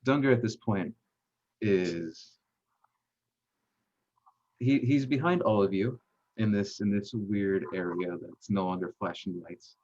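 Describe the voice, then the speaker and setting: A low-voiced man running a tabletop game as game master. He narrates in a halting way, with pauses and fillers between phrases. The recording sounds dull and lo-fi. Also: darkish tone.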